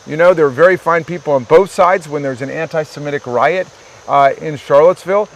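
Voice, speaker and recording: A man's voice: fairly high pitch, fairly quick. A man speaking as a politician in a played clip, making a political speech with insistent, repeated phrases. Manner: insistent, repetitive rhetoric.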